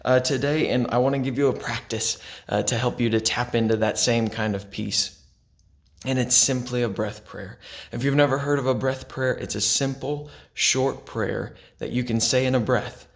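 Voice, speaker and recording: A man, a pastor, giving a gentle and unhurried devotional talk that drops to a hush for quiet lines. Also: mid-range voice, steady tone, creaky. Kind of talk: devotional sermon to camera.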